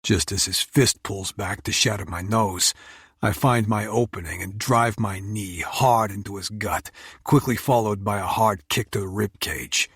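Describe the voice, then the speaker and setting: Husky low-voiced male audiobook narrator. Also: fairly bright tone, no room sound, studio quality. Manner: intense, measured, brooding. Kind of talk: first-person romance audiobook narration.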